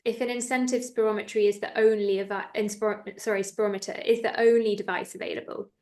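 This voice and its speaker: A woman's voice: medium pitch, steady tone, fast talker, a little mellow. A woman hosting a webinar, asking questions in a friendly, slightly hesitant way on a video call. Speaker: webinar host. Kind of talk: conversational interviewing.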